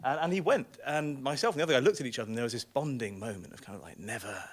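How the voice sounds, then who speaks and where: A man's voice: medium pitch, lively intonation, racing. A man telling a true story on a small theatre stage, wry, rambling and self-mocking. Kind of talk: live storytelling.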